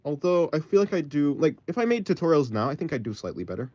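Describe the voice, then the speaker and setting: Rambling streamer guy, lively pitch. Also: quick pace, no room sound. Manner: rambling, thinking aloud, trailing off. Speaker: art livestreamer. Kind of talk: casual chat with a live stream audience. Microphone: phone. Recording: slightly dull audio, faint music.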